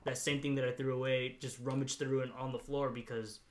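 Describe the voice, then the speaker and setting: A man's voice: mid-range voice, little pitch movement, brisk. A young man telling a long, rambling story in casual chat, swearing freely and padding with fillers like "like" and "you know". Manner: rambling, profane, lots of fillers and laughs. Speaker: podcast storyteller.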